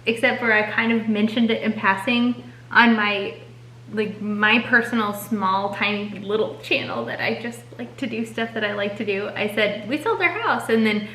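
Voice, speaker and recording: A young woman co-hosting a family channel, chatting casually with warm, fond asides. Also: medium pitch, little pitch movement, moderate pace, slight background noise. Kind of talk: casual chat. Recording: echoey room.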